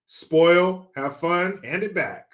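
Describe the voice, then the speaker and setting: A man's voice: high-pitched, takes it slowly. A man from California hosting a casual livestream, reading out viewer comments in a joking, chatty, profane way and laughing along. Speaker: livestream host.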